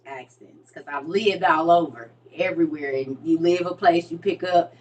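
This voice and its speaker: A woman talking casually and playfully to her viewers, laughing often and letting lines trail off quietly. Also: deep voice, moderate pace, far from the mic, highs cut off, a little hiss or hum. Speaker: vlogger.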